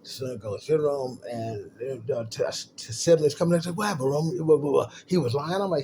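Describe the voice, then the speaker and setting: Mellow-voiced man telling a story. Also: on the high side, quick pace, hardly any pauses, a little hiss or hum. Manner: animated, profane and slangy, acts out quotes. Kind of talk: casual storytime.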